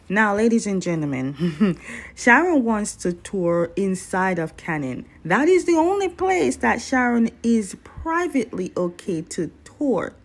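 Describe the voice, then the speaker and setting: A woman recapping a drama episode in a chatty, playful way, talking straight to her viewers. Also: medium pitch.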